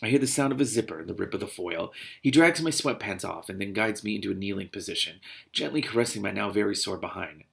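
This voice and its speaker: A low-voiced man with a gravelly edge, reading a novel aloud chapter by chapter. He keeps stopping to add exasperated, sarcastic remarks in his own voice. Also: expressive, fast talker. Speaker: reader and commentator.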